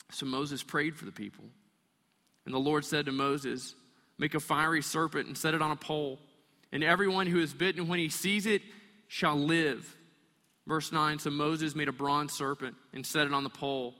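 A man preaching a sermon, animated and storytelling, acting out the voices of the people in the story. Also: on the high side, normal speed, long reverb tail. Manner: animated, acts out voices of complaining people and kids. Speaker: pastor.

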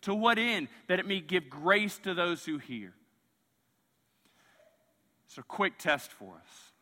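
A man preaching a sermon as pastor, animated, surging loud and then dropping quiet. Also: high-pitched, takes it slowly. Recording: long church hall reverb.

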